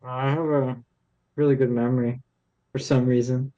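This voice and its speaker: Flat-voiced hesitant podcast co-host. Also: male voice, medium pitch, moderate pace, highs cut off. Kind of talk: casual sports podcast chat.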